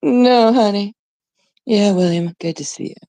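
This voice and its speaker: A woman's voice: mid-range voice, unhurried, warm tone, no echo. A middle-aged woman chatting casually with her live-stream chat, laughing often, swearing freely and greeting viewers by name. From Canada. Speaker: livestreamer.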